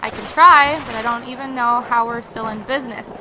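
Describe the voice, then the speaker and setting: A woman reading the lines of a blunt, weary middle-aged mother aloud from a game, with loud exasperated outbursts. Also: on the high side, brisk, noisy background, natural voice. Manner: blunt, exasperated, raises her voice often.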